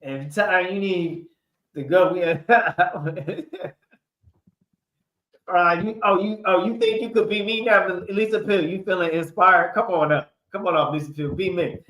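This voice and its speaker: Man, host, casual sports livestream, playful, laughing, slow delivery, echoey room. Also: sits high, a bit bright. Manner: playful, laughing, hyping up picks.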